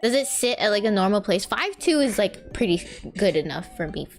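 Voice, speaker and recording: A woman's voice: medium pitch, big pitch swings, fairly quick, faint music behind. A young woman VTuber chatting casually on a live stream while she draws, rambling, laughing often and answering her chat.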